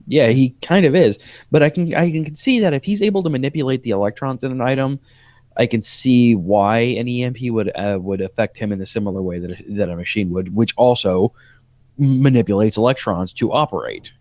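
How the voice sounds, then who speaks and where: Speaking fairly quickly in a medium-pitched, slightly mellow voice, a man co-hosts a podcast where he casually recaps TV episodes and earnestly explains the plot. No room sound is audible.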